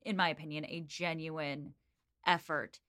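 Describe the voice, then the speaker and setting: A woman's voice: low-pitched, flat delivery, unhurried, fairly bright tone. A woman co-hosting a book podcast, talking over chapters in a reflective, easygoing way. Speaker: podcast co-host. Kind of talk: casual book discussion.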